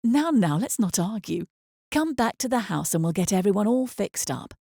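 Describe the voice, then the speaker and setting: A woman's voice: medium pitch, sing-song, normal speed, vocal fry, dry recording, clean studio sound. A woman reading the part of a protective young mother and new countess in an audiobook, speaking with motherly concern. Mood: soothing. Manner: tender with children, sharp when angry.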